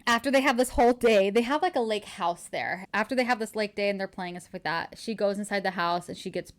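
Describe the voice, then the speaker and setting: A young woman podcast host excitedly retelling a romance novel's plot in casual chat. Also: medium pitch. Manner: excited, gushing retelling with quick quoted dialogue. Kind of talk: casual book recap chat.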